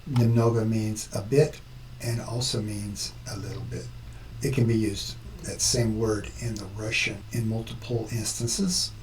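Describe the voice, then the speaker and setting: Male tutorial host, deliberate and methodical, recorded at a distance with faint background noise. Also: on the low side, fairly even intonation. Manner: slow, step-by-step explaining. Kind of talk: screen-recorded tutorial narration.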